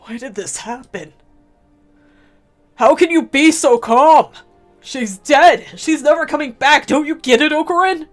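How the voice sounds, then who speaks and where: A woman voicing an excitable young male otaku friend in a visual novel read-aloud, with a loose, blunt, emotional manner. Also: sits high, unhurried, faint music behind, pitched above the performer's own voice. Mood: panicked.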